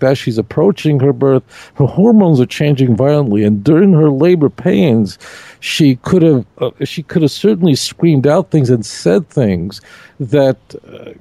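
Mellow-voiced rabbi explaining earnestly. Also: male voice, medium pitch, gravelly, no echo. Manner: earnest, admiring, jokey asides. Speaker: rabbi, guest teacher. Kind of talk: explaining scripture in casual discussion.

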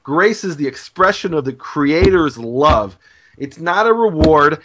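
A man's voice: fairly high pitch, lively intonation, unhurried, background noise. Guy explaining bible stuff earnestly, restarts a lot, muffled podcast sound. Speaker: Bible scholar co-host. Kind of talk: conversational teaching on scripture. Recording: dull lo-fi podcast audio.

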